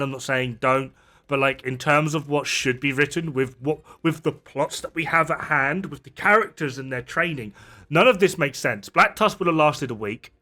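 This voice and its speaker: A man's voice: mid-range voice, sharp tone. A man ranting casually as a streamer, exasperated and sarcastic, swearing freely. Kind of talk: casual gameplay rant.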